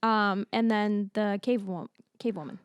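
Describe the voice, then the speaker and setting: A woman co-hosting a casual movie review podcast, telling stories with animated quoted reactions and free swearing. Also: medium pitch, a little slow, clear, resonant tone, no echo. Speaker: podcast co-host.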